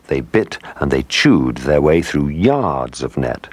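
Male narrator, very deep voice, lively expressive reading, children's story. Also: a little slow, hardly any pauses, no echo.

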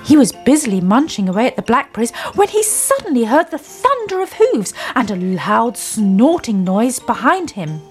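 A woman reading a children's story aloud in an expressive, sing-song storytelling manner. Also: a little high, moderate pace, hardly any pauses, soft background music.

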